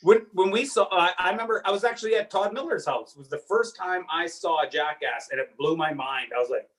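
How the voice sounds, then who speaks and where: A man's voice: high voice, fast talker, distant mic, rough recording. A man from Saskatchewan, a comedian guest, telling rambling, self-deprecating stories in casual podcast chat. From Saskatchewan, Canada. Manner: rambling, self-deprecating storyteller, acts out quotes loudly.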